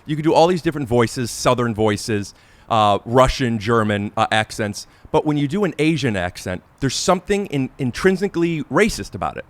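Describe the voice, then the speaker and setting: A man's voice: mid-range voice, animated, dry recording. Guy hosting a chill podcast, lots of uh and restarts, normal mid voice. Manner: halting, searching for words with many restarts. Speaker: podcast host. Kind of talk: casual podcast interview.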